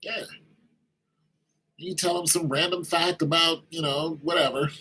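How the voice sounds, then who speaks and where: A man's voice: a little high, fairly even intonation, a little slow, pushed and bright, a little hiss or hum, rough recording. A man giving an informal sermon-style talk, conversational, acting out little exchanges with kids in raised voices.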